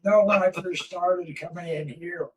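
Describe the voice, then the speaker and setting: A man who is a regular on a casual livestream, talking in a halting, gruff way with fillers. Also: high voice, steady tone, distant mic, poor audio.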